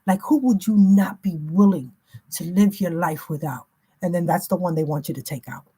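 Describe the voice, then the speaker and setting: A woman's voice: fairly low pitch, normal speed, warm tone, breathy edge. A woman giving an emphatic, repetitive spiritual reading in a slangy, casual way. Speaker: spiritual reader.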